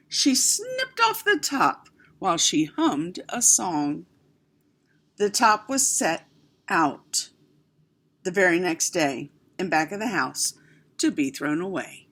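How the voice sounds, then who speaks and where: A woman reading a children's picture book aloud, expressive, with chatty asides to her young listeners. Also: medium pitch, slow pace. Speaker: storyteller.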